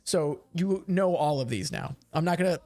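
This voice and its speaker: A man's voice: on the high side, animated, moderate pace, vocal fry, a little mellow, no echo, faint music behind. A man narrating a tabletop game as game master, casual and full of fillers.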